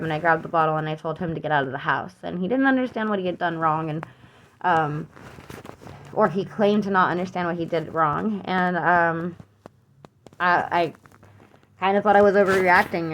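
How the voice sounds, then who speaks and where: Young adult woman, lower pitch, unscripted personal account, halting, earnest and troubled. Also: slight background noise. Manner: halting, with many fillers and restarts. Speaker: mother telling her own account.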